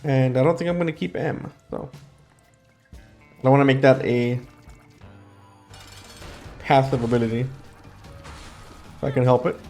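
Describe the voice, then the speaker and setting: A man's voice: mid-range voice, steady tone, measured pace, long pauses, darkish tone, soft background music. Sleepy, dry-throated young man gaming. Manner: rambling, thinks aloud with fillers and restarts. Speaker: gaming YouTuber. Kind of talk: casual gameplay commentary.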